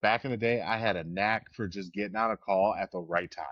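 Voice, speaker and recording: A man's voice: fairly low pitch, brisk, no room sound. A man co-hosts a casual podcast, rambling through anecdotes with frequent laughs and the odd curse. The recording is dry with no room sound. It is also a little dull and lo-fi. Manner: rambling storyteller, swears, laughs often. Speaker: podcast co-host. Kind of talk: casual chat.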